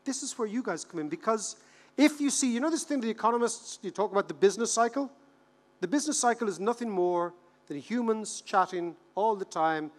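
Irish male keynote speaker, 50s, higher-pitched and joking, in a reverberant hall. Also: fairly quick. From Ireland. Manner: animated, joking storyteller who repeats words for effect. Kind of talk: conference keynote speech.

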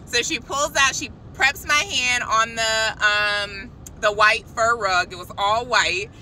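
Bright-voiced woman telling a lively story. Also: on the high side, takes it slowly, a little hiss or hum, poor audio. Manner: animated, chatty, addresses viewers directly. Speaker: christian vlogger. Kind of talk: casual testimony storytelling.

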